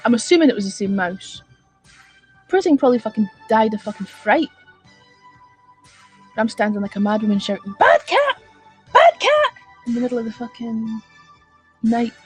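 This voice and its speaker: A middle-aged woman, telling a comic story on a casual livestream and swearing freely. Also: fairly high pitch. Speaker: livestream host.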